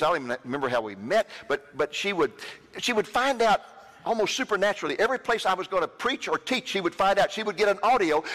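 A man preaching a sermon, telling a personal story with lively quoted voices. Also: a little high. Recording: long hall reverb.

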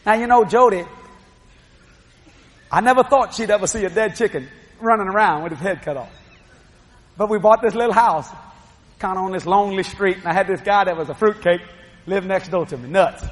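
A middle-aged man preaching a sermon, telling lively stories with laughing asides. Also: high voice, a little fast, pauses often. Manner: storytelling, animated, laughing asides.

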